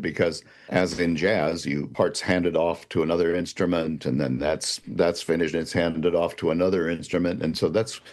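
Low-voiced thoughtful storyteller. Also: male voice. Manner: thoughtful, searching for words. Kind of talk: casual interview chat.

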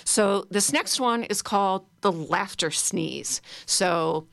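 A middle-aged woman leading a guided laughter exercise class, playful, breaking into high silly laughs and fake sneezes. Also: slow, vocal fry, a bit bright, no room sound. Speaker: laughter yoga leader.

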